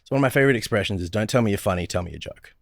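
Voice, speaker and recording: Podcast guest, male, low voice, dry close mic, chatty storyteller who restarts his sentences. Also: animated, rapid-fire, no room sound. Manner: storytelling, lots of restarts and repeated words. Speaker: podcast guest, hospitality strategist. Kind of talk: casual interview chat.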